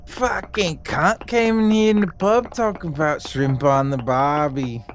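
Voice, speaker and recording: A man voicing a rowdy Australian pub bloke who mocks a tourist in a loud, jeering way. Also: on the high side, steady tone, measured pace, a little hiss or hum, voice pushed up, natural voice. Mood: mocking.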